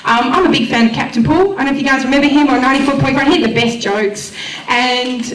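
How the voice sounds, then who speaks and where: An Australian woman speaking to a community event crowd, heartfelt and enthusiastic as she pitches her volunteer radio station. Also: fast talker, a bit bright, a little hiss or hum. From Western Australia. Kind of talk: emotional public speech at a launch event. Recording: echoey room, voice far from the mic.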